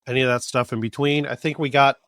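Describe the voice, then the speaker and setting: A man's voice: medium pitch, fairly even intonation, fast talker, fairly bright tone, no room sound. An easygoing man co-hosts a podcast with a mid-range voice. He chats agreeably about a TV episode and laughs often. The recording is dry and close. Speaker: podcast co-host. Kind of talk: casual TV recap chat.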